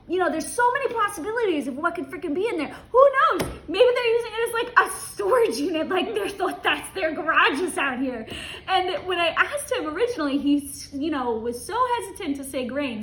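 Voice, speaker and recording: A woman's voice: high-pitched, a bit bright, echoey room, a little hiss or hum. A woman reading a travel story aloud and breaking off with her own asides, laughing often as she goes. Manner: giggly, laughs often through her words.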